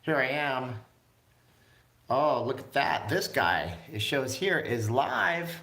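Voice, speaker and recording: A man's voice: mid-range voice, lively intonation, slow pace, vocal fry, pushed and bright. A man hosting a casual live stream from home, chatting loosely and reading viewer comments aloud. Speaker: vlog host. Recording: echoey room.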